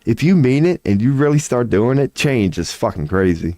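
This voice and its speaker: A man's voice: medium pitch, lively intonation, moderate pace, mellow, no room sound, studio quality. A man in his forties chatting casually on a livestream, rambling and profane, laughing often as he talks. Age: 40s. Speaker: streamer.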